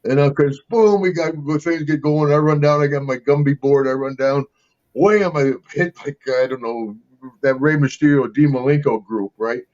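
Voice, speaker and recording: A man's voice: medium pitch, fairly even intonation, normal speed, a little mellow. An older man, an interview guest, telling casual rambling stories and laughing often between them. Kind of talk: casual storytelling. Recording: slightly dull lo-fi sound.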